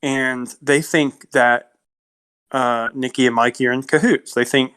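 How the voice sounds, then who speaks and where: A man's voice: medium pitch, steady tone, a little slow, a bit bright, smooth. Guy on a movie podcast rambling thru the plot, quoting lines, super casual. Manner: rambling retelling with many fillers and quoted lines. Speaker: podcast co-host. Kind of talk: casual film discussion.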